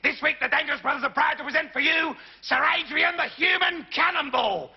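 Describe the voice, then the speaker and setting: An actor playing a boastful, bossy stunt showman in a live comedy sketch, shouting to the audience like a ringmaster. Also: extremely high pitch, brisk. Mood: grandiose. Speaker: comic stunt presenter. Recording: dull lo-fi 1980s TV broadcast with hiss.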